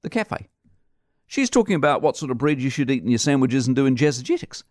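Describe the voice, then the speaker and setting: A New man hosting breakfast radio, talking in an emphatic, opinionated way with plenty of jokes. He sits close to a studio microphone, and the sound is completely dry. His voice is mid-pitched. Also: big pitch swings, a little mellow, no echo. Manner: emphatic, opinionated, quick to joke. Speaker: radio breakfast show host. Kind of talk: casual radio banter.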